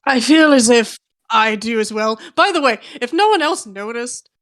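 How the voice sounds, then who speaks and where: A woman's voice: a little high, expressive, normal speed, fairly bright tone. A woman playing a tabletop role-playing game over an online call, giggly and playful. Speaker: player. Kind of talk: casual tabletop role-play.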